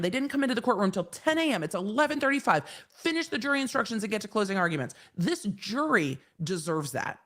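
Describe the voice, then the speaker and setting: A woman's voice: on the high side, big pitch swings, a little fast, few pauses, fairly bright tone. A woman lawyer giving live-stream commentary on a trial, blunt and exasperated, swearing freely.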